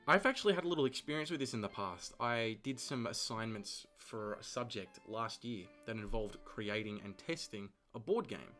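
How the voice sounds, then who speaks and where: A man's voice: mid-range voice, a bit bright. A young man in his twenties presenting a comic vlog, full of self-deprecating jokes and crude asides. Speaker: vlogger.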